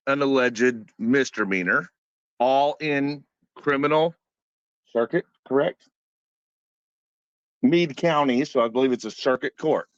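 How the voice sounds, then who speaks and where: A man's voice: mid-range voice, fairly bright tone, clear, resonant tone, no echo. A man on an online panel, explaining his view carefully and insisting on finishing his sentences. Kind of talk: heated online panel debate. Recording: dry, dull lo-fi call audio.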